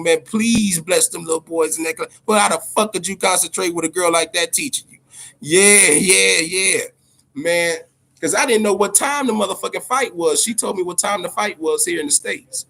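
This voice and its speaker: A man's voice: a little high, gravelly. A man hosting a boxing podcast, talking loosely and with lots of profanity, ending nearly every phrase with "man". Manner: loose, profane, animated, keeps tagging "man" on every line. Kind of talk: casual profane monologue.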